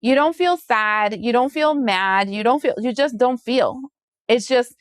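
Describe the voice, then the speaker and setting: A woman's voice: measured pace, no echo, studio quality. Sassy chatty woman reading tarot. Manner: sassy, chatty, acts out voices with big pitch jumps. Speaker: tarot reader.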